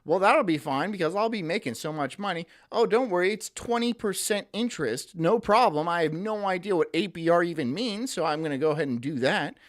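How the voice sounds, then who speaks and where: Brief: streamer mimicking a carefree, clueless young student, quick and breezy. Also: mid-range voice, lively intonation, natural voice. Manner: breezy, overconfident, rushed. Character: naive young student planning big debts.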